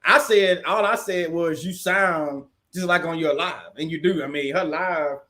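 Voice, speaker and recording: A man's voice: fairly high pitch, a little slow, pushed and bright. A man from the casually hosting a livestream, chatting with viewers and answering their comments, often laughing. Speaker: livestream host.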